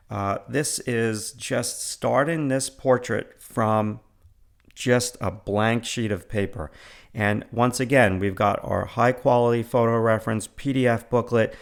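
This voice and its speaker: A gravelly, mid-range voice belongs to this middle-aged New Yorker, an art instructor casually walking viewers through his online lessons in a screencast. He's enthusiastic, repeating words and using lots of fillers.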